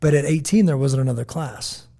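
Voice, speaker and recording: An American man co-hosting a podcast, chatting casually and telling stories, acting out quotes in lively voices. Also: a little high, brisk, gravelly. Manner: animated storytelling, quotes others in lively voices. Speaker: podcast co-host. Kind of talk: casual chat.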